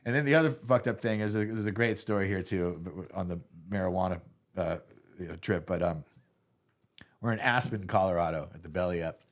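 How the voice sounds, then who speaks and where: A middle-aged man telling road stories in a casual interview, rambling and animated, with lots of filler and swearing. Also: low voice, a little fast. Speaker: guitar tech, guest telling stories.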